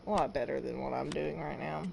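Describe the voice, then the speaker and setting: A woman's voice: extremely low pitch, steady tone, a little fast, gravelly, background noise. A woman streaming a farming game, chatting casually and rambling to her viewers. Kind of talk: casual live-stream chat while playing.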